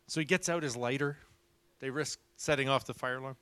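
A man preaching a sermon, animated, acting out the people in his stories. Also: mid-range voice, fairly quick, clear, resonant tone, dry recording. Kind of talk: sermon storytelling.

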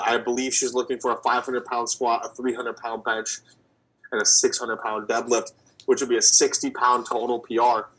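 Bright-voiced man in his twenties. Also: mid-range voice, husky, low-quality recording. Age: 20s. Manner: enthusiastic, rambling with fillers. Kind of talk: casual sports chat.

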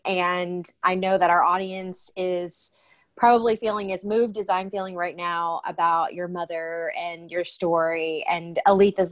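A woman hosting an interview, reacting with enthusiasm and wrapping up the show for the audience. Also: fairly low pitch. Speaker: host.

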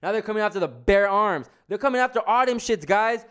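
A man's voice: sits high, animated, fast talker, a bit bright, smooth. A young man ranting heatedly in a casual monologue, swearing often and restarting his sentences. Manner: heated, profane, repetitive restarts. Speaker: vlogger.

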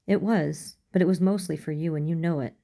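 A fierce, blunt woman engineer who talks briskly, with tender warmth under it, as a woman reads her in a fan fiction audiobook. The voice is low, gravelly and dark. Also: steady tone. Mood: firm.

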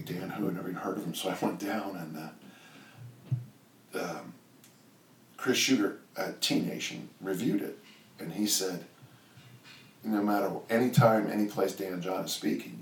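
An older man telling stories in a relaxed, rambling interview, with many restarts. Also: low-pitched, recorded from a distance, a little hiss or hum. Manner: rambling, lots of restarts and "you know". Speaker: strength coach and guest. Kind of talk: casual interview storytelling. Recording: echoey room, off-mic, faint ambience.

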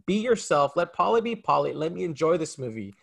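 A man with a fairly high, animated voice that swoops up and down as he talks. He gripes emphatically about a film in casual podcast banter, often sounding exasperated. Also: a little fast, vocal fry. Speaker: podcast co-host. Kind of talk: casual film review chat.

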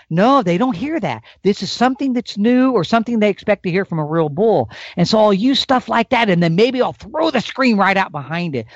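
A man's voice: sits high, big pitch swings, fairly quick, few pauses, no echo, lo-fi sound. A man on a podcast, an elk calling expert, telling hunting stories with energy and showing calls with his mouth. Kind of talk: animated podcast storytelling.

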